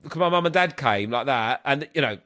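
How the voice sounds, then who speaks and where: Animated man telling a comic story. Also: mid-range voice, a little fast, background noise. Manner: animated, acts out voices. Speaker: comedian and podcast host. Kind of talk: casual chat, comic storytelling.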